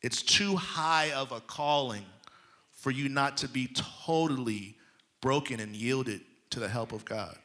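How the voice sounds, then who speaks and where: A man preaching a sermon, moving between loud emphatic lines and hushed near-whispers, often checking in with his congregation. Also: medium pitch, unhurried. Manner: addresses the congregation directly, checking in with them.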